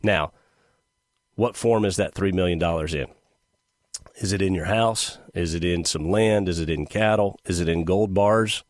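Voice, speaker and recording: A middle-aged man hosting a show, talking in a casual, sarcastic and animated monologue. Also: sits low, normal speed, no room sound. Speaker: podcast host.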